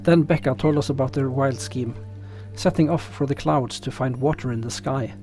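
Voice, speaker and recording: Gravelly man with a non-native accent. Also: mid-range voice, moderate pace, soft background music. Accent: non-native English. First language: not English. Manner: relaxed, self-deprecating, thinking aloud. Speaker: let's play host. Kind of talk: game commentary and narration.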